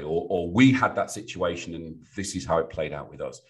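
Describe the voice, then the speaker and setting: A middle-aged British man, a guest on a business podcast, telling stories in a lively way and acting out what clients say. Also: low voice, fairly quick. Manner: animated storyteller, acts out clients' voices. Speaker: business sounding board.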